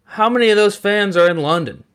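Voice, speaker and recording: A man's voice: sits high, fairly quick, fairly bright tone. A young man co-hosting a casual sports podcast, rambling with many fillers and asides. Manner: rambling, filler-heavy banter. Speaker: podcast co-host.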